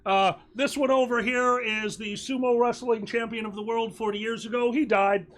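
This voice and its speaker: In casual chat on a charity stream, a man with a very high voice tells a convention story at normal speed. He's animated and laughs his way through it.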